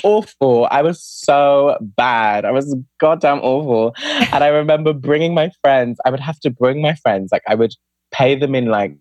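Here the same chatty poet, a young adult podcast guest, spins casual stories full of "like" and performs the voices of quoted friends. The voice is mid-range and darkish at a moderate pace, with lo-fi sound and no room ambience.

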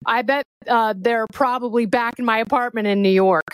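A middle-aged woman chatting as a podcast guest, telling an animated story with playful quick delivery. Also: fairly high pitch, no room sound. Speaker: podcast guest, fellow host. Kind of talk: casual chat, storytelling.

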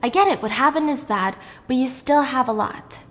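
A high, eager woman with cancer who pours out her feelings in a pleading rush, as a woman puts her on. She prays in a panic and clings to faith. Her voice rings in a room with a long, lingering echo. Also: moderate pace, close to an everyday voice. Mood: earnest. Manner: high, pleading, breathless gushing. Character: cheery, desperate, devout woman with cancer. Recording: long reverb.

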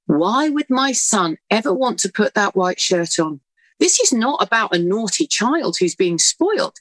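A middle-aged woman, a presenter and author, telling a lively story about her son and giving calm parenting advice. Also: a little high, no room sound, poor audio. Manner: lively anecdotal, acting out her own inner voice.

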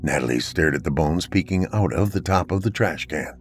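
Low-voiced man narrating horror. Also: expressive, a little fast, soft background music. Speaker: podcast narrator.

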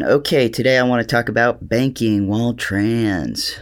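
A trans podcast co-host talking casually, hesitant and stammery with lots of fillers. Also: male voice, medium pitch, normal speed, hardly any pauses, soft background music. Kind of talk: casual chat and monologue.

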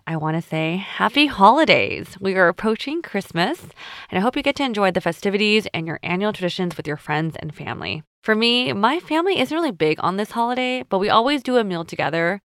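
A woman's voice: medium pitch, lively intonation, fairly quick, fairly bright tone, dry recording, clean studio sound. A woman hosting her own podcast, chatting casually and reflectively and often using "like" as a filler. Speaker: podcast host.

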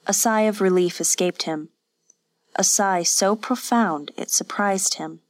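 Woman audiobook narrator, slow and measured, fairly low voice, dry close recording. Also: no room sound. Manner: measured, even storytelling. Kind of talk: scripted narration.

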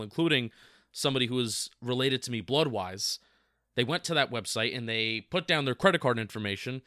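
A man from the United States co-hosting a podcast, chatting casually and reading a sponsor plug with quick, jokey energy. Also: medium pitch, sharp tone, clean tone, no echo, clean studio sound. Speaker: podcast co-host.

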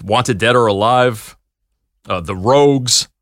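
A man with a mid-pitched voice hosting a relaxed interview. He talks in a halting way, often searching for the next word. The recording is close and dry. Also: dry recording. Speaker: host. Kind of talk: casual interview chat. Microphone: studio microphone.

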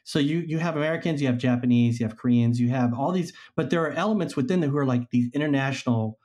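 A man's voice: mid-range voice, fast. A man as a podcast guest, telling a historical story casually and acting out the people he quotes. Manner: animated storyteller, acts out quoted figures.

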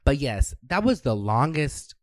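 A male podcast co-host spinning a story in loose, casual chat, peppered with swearing and quick impressions of the people involved. His voice sits at an ordinary pitch, recorded close and dry with no room sound. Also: dry recording. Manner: profane, animated storyteller who acts out quotes.

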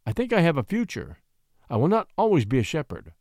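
A man's voice: a little high, wildly swooping pitch, brisk, darkish tone, no echo, studio quality. A man reading the part of an earnest young shepherd and poet who speaks with heartfelt sincerity.

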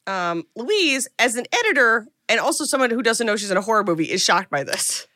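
A young woman co-hosts a podcast, retelling a film's plot in casual, animated chat. Her voice is bright and fairly high. The recording is dry and close. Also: brisk, dry recording. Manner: animated retelling, acting out quotes in lively voices. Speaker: podcast co-host recapping a film.

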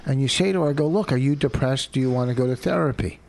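A radio host with a gravelly mid-range voice talks fast while arguing casually with his wife on a podcast. He's an animated storyteller who retells events and repeats himself a lot.

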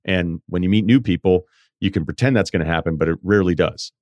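Deep-voiced man, casual podcast chat. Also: fast, dry recording. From Vermont. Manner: conversational storytelling, animated quoting. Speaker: podcast host. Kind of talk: casual chat, reading listener emails.

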